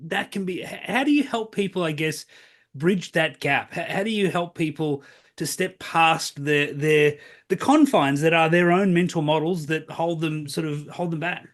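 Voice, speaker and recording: A man's voice: a little high, moderate pace. Thoughtful male podcast host. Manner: thoughtful, frequent restarts while framing questions. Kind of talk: casual interview conversation.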